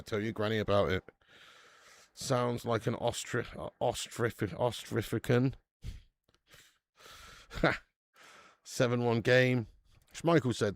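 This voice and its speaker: A man's voice: medium pitch, dry recording. A man hosting a live football watch-along, chatting in casual banter, swearing freely and calling everyone mate.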